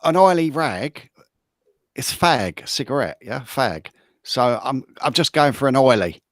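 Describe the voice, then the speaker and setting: A man's voice: medium pitch, lively intonation, unhurried, fairly bright tone, no echo, clean studio sound. A man, co-hosting a casual chat and explaining slang. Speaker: co-host.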